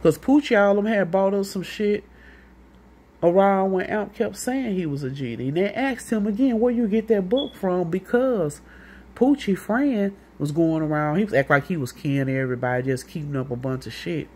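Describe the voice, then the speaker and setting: A woman's voice: fairly low pitch, expressive, moderate pace, darkish tone. A woman with a St. telling a long, rambling, profane story in a casual monologue, acting out what other people said. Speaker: vlogger.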